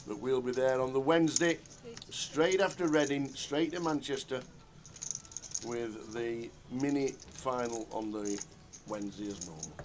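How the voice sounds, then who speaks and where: A man commentating a live poker stream in a relaxed, chatty way. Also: medium pitch, unhurried, a little hiss or hum. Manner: chatty, relaxed, banters with co-host.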